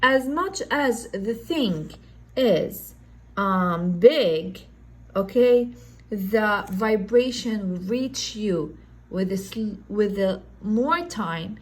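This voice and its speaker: A woman teaching a recorded science lesson, explaining slowly in non-native English phrasing and often checking in with "okay?". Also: medium pitch, animated, poor audio. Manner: slow, explanatory, repeats "okay?" to check understanding.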